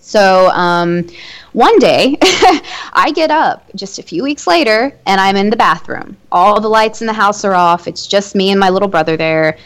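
A woman's voice: mid-range voice, expressive, a little slow, a bit bright. An adult woman telling a personal ghost story as an interview guest, chatty, with many fillers and small nervous laughs.

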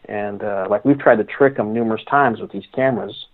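A male guest telling stories in a rambling, halting way, often restarting his sentences. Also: lowish voice. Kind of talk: casual storytelling. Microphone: phone call. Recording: phone line.

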